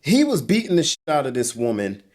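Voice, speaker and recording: A man's voice: mid-range voice, huge pitch swings, fairly quick, darkish tone. Young male interview guest, heated and profane, storytelling with lots of "bro". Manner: agitated, profane, repeats "bro". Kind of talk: emotional storytelling. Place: indoors on a couch.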